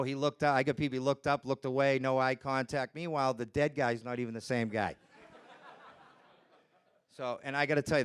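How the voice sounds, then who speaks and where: A man lecturing on nonverbal communication at a medium pitch, with a smooth, clear voice. His delivery is animated, and he slips into quoted voices to make his points. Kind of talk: lecture presentation. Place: presentation room with slides.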